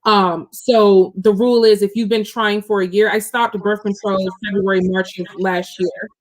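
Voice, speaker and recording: A woman's voice: medium pitch, steady tone, moderate pace. Talk show guest: a woman in her thirties, open and chatty, personal story. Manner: open and chatty, many fillers.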